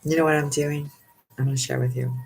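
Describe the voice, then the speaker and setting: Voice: medium pitch, level tone, fast talker, gravelly, a little mellow, poor audio. A spiritual card reader at home, chatting casually through an oracle card reading in a rambling, giggly way with many fillers.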